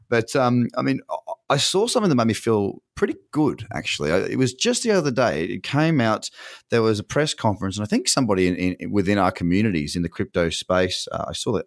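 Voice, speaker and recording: A man's voice: on the low side, no echo, studio quality. An Australian man hosting a casual interview, asking long rambling questions with many restarts. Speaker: podcast host.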